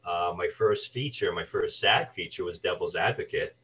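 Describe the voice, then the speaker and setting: A man with a low voice recounts his acting career as a guest. He tells stories with energy and briefly puts on the voices of the people he quotes. He sits a little back from the microphone. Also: moderate pace, distant mic, low-quality recording. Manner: animated anecdotes, acts out quoted voices. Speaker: guest, actor and voice artist. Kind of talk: storytelling interview chat.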